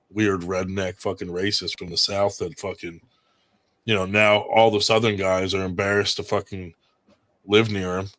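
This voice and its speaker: A man hosting a podcast in rambling casual chat, swearing freely. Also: on the low side. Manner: profane, rambling and animated. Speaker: podcast host.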